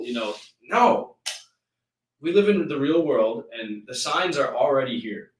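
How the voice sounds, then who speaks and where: A man's voice: fairly high pitch, sing-song, normal speed, fairly bright tone, roomy sound, far from the mic, poor audio. Preachy man ranting on a live stream. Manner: intense, preachy, rambling with restarts. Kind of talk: motivational live-stream rant.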